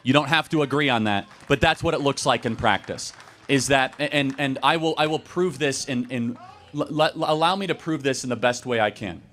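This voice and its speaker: A man hosting a campus debate, arguing quickly and assertively with audience members, with a sarcastic streak. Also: medium pitch, fairly bright tone. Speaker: debate host taking audience questions.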